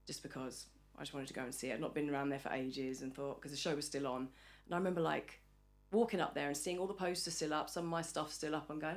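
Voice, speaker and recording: A woman's voice: sits low, steady tone, quick pace, few pauses, faint music behind. An English woman in a casual podcast interview, chatty and acting out the voices of people she quotes. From England. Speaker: podcast guest. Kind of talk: casual chat.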